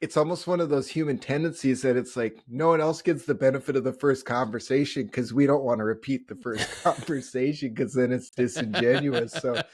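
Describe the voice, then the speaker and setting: Podcast guest, man, upper Midwest Minnesota accent, casual and rambling, mid-pitched voice. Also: brisk, hardly any pauses, darkish tone, slightly rough, no room sound, studio quality. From upper Midwest of the United States. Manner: chatty, laughs often, rambling restarts. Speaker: podcast guest, Army veteran. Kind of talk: casual conversation.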